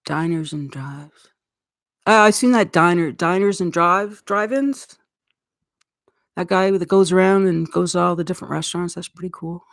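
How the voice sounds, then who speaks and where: A woman's voice: fairly low pitch, moderate pace, vocal fry, dry recording, studio quality. A middle-aged woman from Eastern Canada with a Canadian accent, chatting casually on a live stream in a rambling way and laughing often. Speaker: livestream host.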